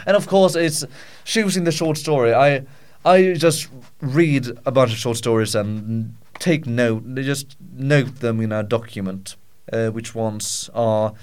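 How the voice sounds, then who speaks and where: A man's voice: medium pitch, smooth. Self-deprecating man hosting casually. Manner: self-deprecating, rambling with fillers. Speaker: host and story reader. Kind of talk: casual behind-the-scenes chat.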